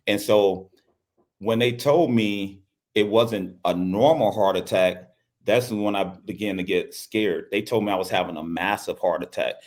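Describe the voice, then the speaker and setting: A man's voice: on the low side, measured pace, a little mellow. A middle-aged man from Louisiana, a basketball coach, telling a personal story in an interview in an earnest way, repeating his phrases. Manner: earnest, repeats phrases, acts out quoted speech.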